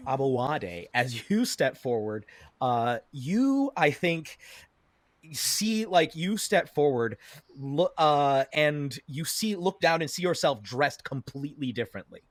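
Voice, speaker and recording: A man narrating as game master, halting with many fillers. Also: medium pitch, sing-song, no echo.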